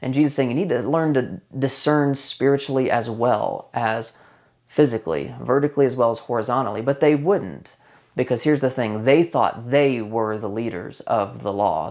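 A pastor preaches in a relaxed, instructive way, his voice a bit mellow and pitched in the normal middle range. He frequently slows to emphasize a point and repeats important phrases for effect.

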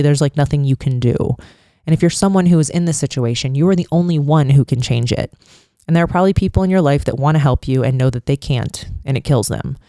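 Frank, profane man with a mellow voice. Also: mid-range voice, clear, resonant tone, no echo, clean studio sound. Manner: frank and profane, many filler likes. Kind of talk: casual monologue storytelling.

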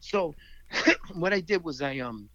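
Animated storytelling man with gravelly voice. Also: on the high side, slow, dry recording, highs cut off. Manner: animated, acts out quoted people, laughs often. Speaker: filmmaker guest. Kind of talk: storytelling in casual conversation.

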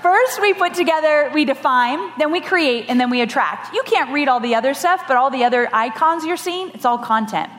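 A woman giving a lively storytelling keynote on stage, animated and laughing often, with dramatic voices for the people in her story. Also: high-pitched, fairly quick, hardly any pauses, slight background noise. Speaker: podcast host giving a conference talk. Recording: live talk with long hall reverb.

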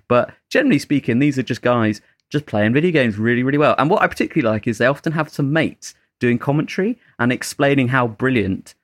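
A chatty man co-hosting a casual podcast, with a mid-pitched voice. He rambles and corrects himself mid-sentence. The sound is dry and close, with no room around it. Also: animated, quick pace, hardly any pauses, no echo. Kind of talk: casual chat.

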